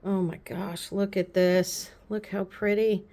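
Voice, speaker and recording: A woman vlogger chatting casually to the camera, gushing and rambling with quick asides. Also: mid-range voice, flat delivery, dark tone. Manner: chatty and gushing, repeats "pretty" often. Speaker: beauty vlogger. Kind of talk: casual haul chat to camera.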